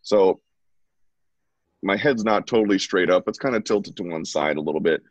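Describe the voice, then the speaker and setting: Deep-voiced man teaching drawing at home. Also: normal speed, dry recording. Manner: casual, chatty, talks while drawing. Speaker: drawing instructor. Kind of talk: live online drawing lesson. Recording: dull lo-fi, dry sound.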